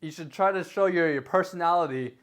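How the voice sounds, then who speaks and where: A young man talks straight to his camera indoors, rambling through tips and correcting himself as he goes. His voice sits a little high for a man, and his volume rises and falls as he gestures. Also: fairly quick, clear, resonant tone. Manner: rambling, self-correcting, lively delivery with varied loudness; gesturing with his hands while talking. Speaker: YouTuber giving tips. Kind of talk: casual talking-head advice vlog. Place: indoor room, recording himself. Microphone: camera facing him.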